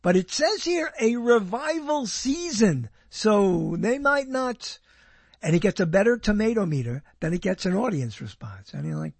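A man's voice: high-pitched, very animated, moderate pace, creaky, dry recording. A man rambling in casual commentary, sarcastic and wandering, often breaking off his own sentences. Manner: sarcastic, wandering, self-interrupting. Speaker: video host reviewing TV listings.

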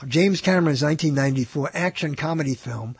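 A man's voice: on the high side, a little fast, gravelly, husky, dry recording. A man hosting a radio show, rambling casually about movies, often trailing off with uh and short laughs. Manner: rambling, self-interrupting, lots of uh and laughs.

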